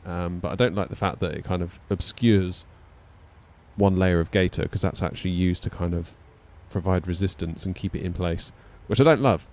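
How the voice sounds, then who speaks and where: A man's voice: sits low, normal speed, a little mellow. A man chatting casually on a live stream, rambling with many fillers and little laughs. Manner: rambling, hesitant, lots of fillers and self-deprecating laughs. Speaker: flight sim streamer.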